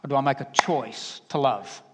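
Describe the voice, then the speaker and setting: A man with a Southern accent preaching a sermon, emphatic and conversational, dropping to quiet asides. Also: mid-range voice, normal speed. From Alabama. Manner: emphatic, varies loudness, drops to quiet asides. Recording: reverberant hall.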